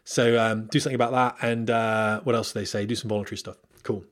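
Fast-talking man giving candid career advice. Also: lowish voice, flat delivery. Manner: candid, rambling, with frequent fillers and restarts. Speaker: former military pilot giving career advice. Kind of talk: casual monologue to viewers.

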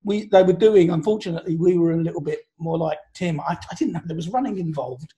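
High pitched guy rambling through stories on a panel, swears a lot. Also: quick pace. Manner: animated, repeats and restarts words, swears freely. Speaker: actor on a panel. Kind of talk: rambling anecdotal storytelling.

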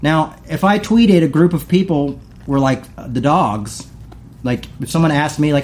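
A man's voice: on the high side, moderate pace, darkish tone. A man preaching a casual, conversational sermon as pastor, acting out the voices of the people he quotes.

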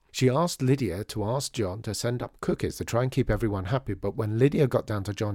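A man narrating his own children's storybook with an even, expressive reading. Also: on the low side, no echo, studio quality. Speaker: author and narrator.

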